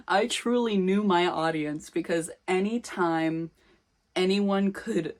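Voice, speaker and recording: Casting: young woman, lowish voice, dry self-mocking vlogger reading old fan fiction aloud. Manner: sarcastic, self-mocking asides between read passages. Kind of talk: comedic reading with commentary.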